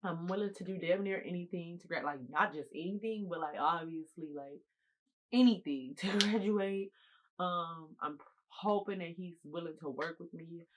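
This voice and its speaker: Woman with a lowish voice telling a story. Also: moderate pace, hardly any pauses, rough recording. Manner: animated, emphatic, slangy, addresses viewers directly. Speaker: vlogger telling a college story. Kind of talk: casual storytime monologue.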